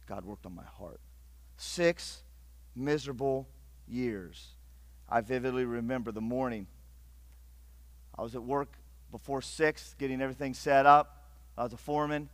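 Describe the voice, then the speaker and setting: A middle-aged man from Northeast Ohio preaching a sermon, swinging between loud urgent bursts and hushed, intimate passages. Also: high voice, no room sound. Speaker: pastor.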